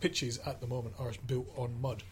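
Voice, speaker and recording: A man's voice: medium pitch, level tone, normal speed, a little hiss or hum. Rambling man on radio. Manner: easygoing, rambling with fillers. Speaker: radio football panelist. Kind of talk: casual radio chat.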